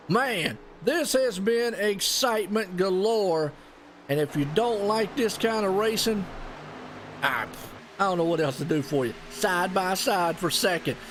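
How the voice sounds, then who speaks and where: A man with a high voice gives live play-by-play on a sim race, folksy and excitable, tossing in "y'all" and "ain't." Background noise can be heard.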